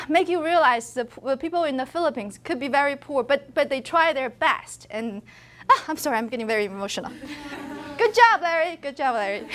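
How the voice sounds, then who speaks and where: Female linguistics lecturer, high voice, animated anecdotal classroom style. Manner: animated storyteller, laughs often.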